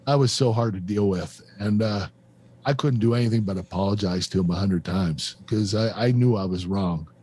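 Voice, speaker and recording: A man in his fifties, a guest on a podcast, telling a painful personal story in a halting, emotional way with many fillers and restarts. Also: on the low side, a little mellow, breathy edge. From United States. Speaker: guest, former pro wrestler.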